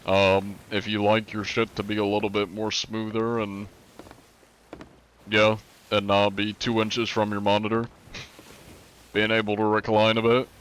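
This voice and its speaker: Low-voiced young guy rambling on stream, cursing, quiet room noise behind. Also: completely flat delivery, a little slow, pauses often. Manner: rambling, swears a lot, laughs at his own stumbles. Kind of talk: casual gameplay streaming.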